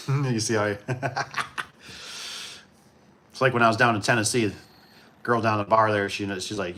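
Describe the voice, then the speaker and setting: A man from Michigan hosting a casual livestream, talking in a relaxed, rambling way and chuckling often. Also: lowish voice, unhurried, pauses often. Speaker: livestream host.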